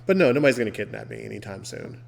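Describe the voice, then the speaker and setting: A man's voice: lowish voice, rapid-fire, gravelly. Guy host cracking jokes n teasing his guests, big reverb around him. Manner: joking, teasing questions, animated bits. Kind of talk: casual podcast chat.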